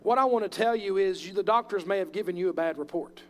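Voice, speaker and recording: A man's voice: sits high, quick pace, soft background music. A man preaching a sermon with passion, acting out voices from scripture as he tells the stories. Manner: impassioned, acts out bible voices.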